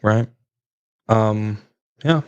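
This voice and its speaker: A man's voice: lowish voice, extremely slow, darkish tone, clear, resonant tone, dry recording, muffled recording. A man hosting his own stream, telling long, boastful dating stories in a casual ramble and often checking in with his listeners. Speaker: streamer hosting a solo talk show. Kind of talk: casual storytelling monologue about dating.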